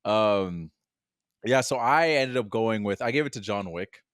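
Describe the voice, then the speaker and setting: A man's voice: lowish voice, lively intonation, measured pace, clean tone, dry recording, clean studio sound. A man co-hosting a film podcast in casual chat, laughing often and acting out lines from scenes. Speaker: podcast co-host.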